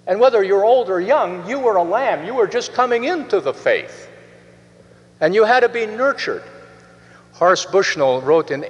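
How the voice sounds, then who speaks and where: Older male preacher, earnest and rambling, long hall reverb. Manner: earnest, rambling with restarts, pitch rising and falling widely. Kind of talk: sermon.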